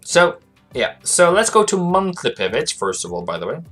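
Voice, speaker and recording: A man's voice: a little high, big pitch swings, moderate pace, fairly bright tone, soft background music. Rambling, chatty male live-stream host. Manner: rambling and chatty, reads viewer chat aloud. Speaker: livestream host, forex trading analyst. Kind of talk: casual live-stream commentary.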